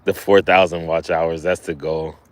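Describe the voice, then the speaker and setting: A man hosting a casual livestream outdoors while fishing, talking in a relaxed, halting way with lots of fillers and restarts, a little out of breath. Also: low voice. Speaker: livestream host.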